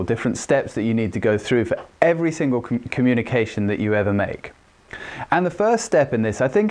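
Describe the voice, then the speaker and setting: Man, communication trainer, instructional talk, mid pitch, measured delivery. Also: a little mellow. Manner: demonstrates voice pitch and speed while explaining.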